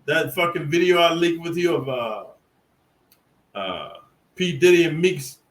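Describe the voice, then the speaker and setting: On poor audio, a middle-aged man from California rambles through prison tales at a measured pace, his voice fairly high. The monologue is casual, profane, boastful and full of street smarts.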